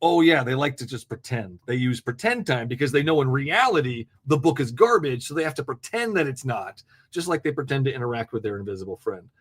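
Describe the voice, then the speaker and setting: A man's voice: medium pitch, lively intonation, a little fast. A man hosting a live call-in debate podcast, blunt, mocking and profane, laughing often. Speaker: host.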